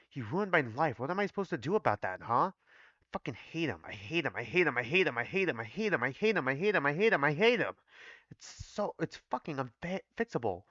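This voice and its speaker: A man's voice: on the high side, fairly bright tone, dry recording, dull audio. A man reading aloud as a bitter, cursing young staff doctor in a text chat. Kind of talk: reading a visual novel aloud.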